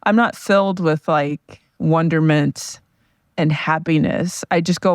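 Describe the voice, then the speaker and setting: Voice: mid-range voice, steady tone, a little slow, no echo, studio quality. Rambling, chatty podcast host. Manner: rambling, chatty, self-deprecating. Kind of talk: casual solo podcast monologue.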